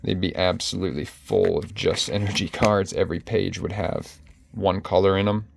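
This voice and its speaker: Speaking at normal speed in a low, steady voice with vocal fry, a collector vlogger flips through his cards over slight background noise. He talks to his viewers directly in a chatty way, frequently stopping to correct himself partway through sentences.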